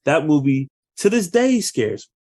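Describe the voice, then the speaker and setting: A man in his thirties co-hosting a casual podcast chat, talking in an animated way and bursting into loud acted quotes. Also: fairly high pitch, measured pace. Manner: animated, acts out movie quotes with loud outbursts. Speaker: podcast co-host.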